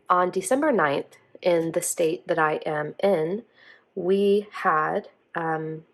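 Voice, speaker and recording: Low creaky-voiced woman, chatty planner vlog at her desk, lots of um and like. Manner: rambling and chatty, heavy on "um" and "like"; earnest, emotional and apologetic. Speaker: planner vlogger. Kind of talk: casual chat while decorating a planner.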